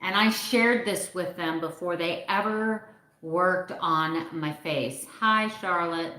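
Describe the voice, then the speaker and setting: A woman's voice: fairly low pitch, slow pace, pushed and bright. Candid middle-aged woman, echoey room. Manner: candid, emotional storytelling. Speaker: vlogger hosting a live stream. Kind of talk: casual live-stream chat.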